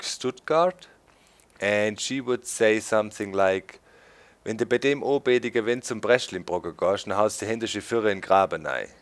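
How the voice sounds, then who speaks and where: Chatty German man, low voice. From Swabia, Germany. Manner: chatty, laughs often, explains things. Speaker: let's play host. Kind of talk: casual gameplay commentary.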